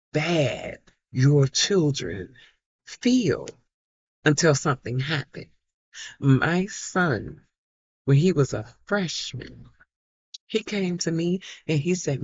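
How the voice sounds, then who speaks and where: A woman's voice: sits low, dull audio. A middle-aged woman vlogger telling a personal story to camera in an emphatic way, repeating herself and acting out what others said. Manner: emphatic, repeats herself, acts out quoted voices.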